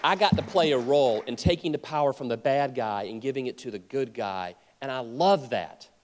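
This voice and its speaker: A state attorney general, a man with a mid-range, brisk voice, delivers an earnest and emphatic convention speech, often restarting his sentences. He speaks into a podium mic in a convention hall, and the recording carries a long hall reverb.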